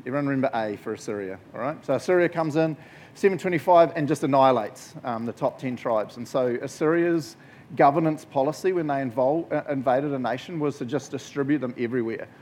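A man's voice: medium pitch, a little fast. A man giving a casual, jokey Bible talk to a group as a youth preacher. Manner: jokey, conversational, animated storytelling.

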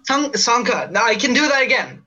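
A man's voice: very high-pitched, big pitch swings, normal speed, sharp tone, highs cut off. A man playing an awkward actor at an audition, mumbling sulky asides. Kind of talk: comedic sketch, audition scene.

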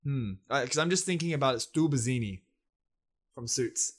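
A young Australian man co-hosting a casual chat, laid-back and sweary, quick to agree. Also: medium pitch. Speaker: podcast co-host.

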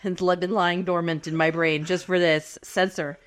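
A woman's voice: fairly low pitch, little pitch movement, moderate pace, clear, resonant tone. A woman co-hosting a podcast, casually recapping a TV episode in a chatty way and laughing often. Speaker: podcast co-host.

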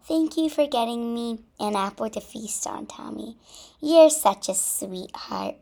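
Storybook hero: a small, plucky centipede read by a woman, earnest, unhurried. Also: a little high, animated, mellow. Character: small brave female centipede.

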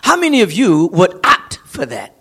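A man's voice: high-pitched, wildly swooping pitch, normal speed, gravelly, sharp tone, husky. A male pastor preaching an emphatic sermon to a streamed congregation. He repeats and builds phrases, rising to near-singing on key words. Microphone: streamed service.

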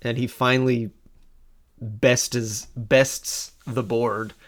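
A man chats casually as a podcast co-host, walking through a movie scene. He talks in an animated, rambling way, jumping up in pitch for emphasis and restarting his sentences. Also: slow. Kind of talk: casual chat.

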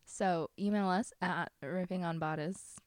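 Young woman, podcast co-host, casual book chat, animated and jokey, lowish voice, dry close sound. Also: unhurried, smooth, no echo. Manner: animated, exclaiming, jokey asides.

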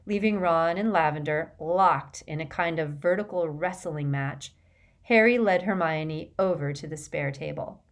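A woman narrating an audiobook in measured, even scripted narration. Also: low voice.

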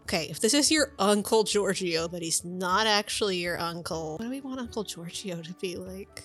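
A woman running a tabletop role-playing game as game master, narrating in a relaxed, matter-of-fact way. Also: on the low side, moderate pace, faint music behind.

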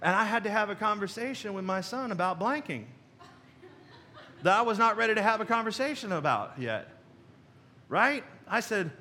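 A middle-aged pastor gives a sermon in a loose, folksy style, chuckling now and then and throwing questions out to the pews. For a man his voice is high, bright and forward, with lively intonation, a normal speed and long pauses. It comes through a stage microphone in a church sanctuary.

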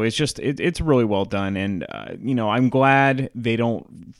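A man talks through his favorite comedy movies in a loose, chatty countdown, with plenty of ums and you-knows. His voice is smooth and clear, and the recording is dry and close. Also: medium pitch, no room sound. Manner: relaxed and chatty, with frequent fillers. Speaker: host. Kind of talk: casual movie countdown review.

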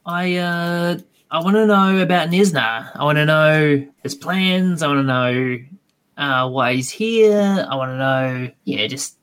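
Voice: mid-range voice, a little slow, a bit bright, clean tone. A player in a tabletop game, cheeky and pushy when questioning. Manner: cheeky, interrogating.

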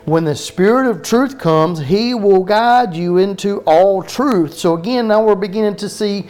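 A man's voice: high voice, darkish tone. A man with a Southern US accent preaching a sermon as pastor, drawing out his words in a folksy way and asking questions of his listeners. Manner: folksy, drawn-out words, asks the room questions.

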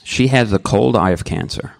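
A middle-aged man shares his personal testimony at a recovery meeting, speaking in a deep, low voice. He is candid and emotional, circling back and restarting his sentences as he goes. The recording is dry and close, with no room echo. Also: normal speed, creaky. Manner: earnest and rambling, with many restarts. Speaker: member sharing at a recovery meeting.

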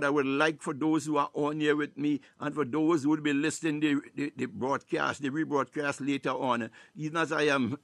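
A man leading a live morning prayer broadcast, preaching fervently with frequent hallelujahs, stretches of speaking in tongues, and psalms recited slowly and loudly. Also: on the high side, no room sound, clean studio sound. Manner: recites psalms slowly, rising to loud exhortation. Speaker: prayer leader.

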